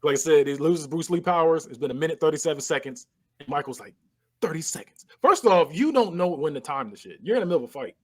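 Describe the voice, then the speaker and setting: Husky man recapping a movie, animated. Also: on the high side, fast. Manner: animated retelling, acting out scenes with sound effects and laughter. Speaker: podcast co-host. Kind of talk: casual movie recap chat.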